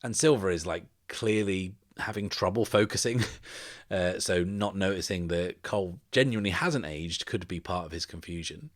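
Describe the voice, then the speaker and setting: Guy narrating his solo rpg, deep voice, chatty, lots of ums. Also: normal speed. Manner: casual, thinking aloud with fillers. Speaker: podcast host and solo game player. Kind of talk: narrating a solo tabletop game.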